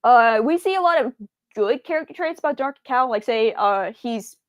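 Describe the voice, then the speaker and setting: A woman's voice: on the high side, expressive, normal speed, dry recording, studio quality. A woman streamer chatting casually, rambling with many fillers and restarts, stumbling over her words and answering viewers' chat.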